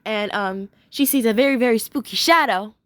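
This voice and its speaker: A woman's voice: on the high side, brisk, fairly bright tone, no echo. Giggly young woman rambling a cartoon recap. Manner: rambling, giggly, lots of fillers, gushing bursts. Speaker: cartoon episode reviewer. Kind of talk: casual recap vlog.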